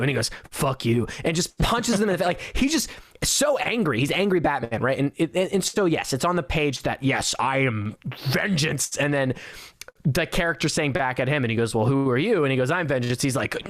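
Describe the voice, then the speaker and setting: A man's voice: on the high side, a little fast, no room sound. A man co-hosting a casual film podcast, jumping into playful voices whenever he quotes a character. His voice sits close and dry on the mic, with no room around it. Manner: animated, acts out quotes, laughs often. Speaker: podcast co-host. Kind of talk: casual movie review chat.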